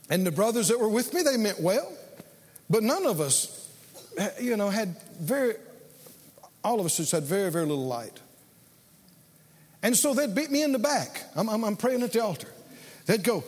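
A man's voice: extremely high pitch, very animated, unhurried, long pauses, husky, big-room sound. A man preaching a sermon, telling stories and leading call-and-response with his congregation.

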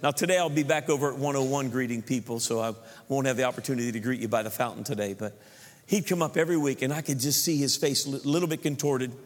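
A pastor preaches in a church sanctuary, telling stories animatedly and acting out the people he quotes. He talks fast in a mid-range voice, and the church hall gives the recording a long reverb.

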